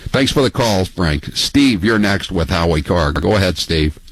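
A man hosting a call-in radio talk show, briskly thanking callers and moving to the next. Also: deep voice, animated, no echo, low-quality recording. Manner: brisk, moves callers along.

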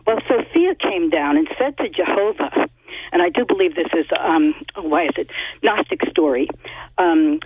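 A woman's voice: fairly low pitch, lively intonation, moderate pace, breathy edge, no echo. A woman calling in to a talk radio show from Northern California, eager and chatty, laughing between points, heard over a tinny phone line. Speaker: caller.

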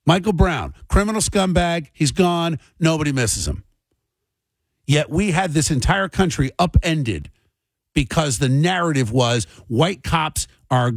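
A man's voice: fairly high pitch, husky, no room sound. A man hosting a political commentary monologue, agitated and fired up, ranting with heavy emphasis. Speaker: show host and commentator.

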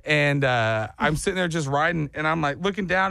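A man hosting a morning radio show, telling a story in a casual, animated way and jumping into high voices for quoted lines. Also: fairly quick, vocal fry, few pauses, dry recording, clean studio sound.

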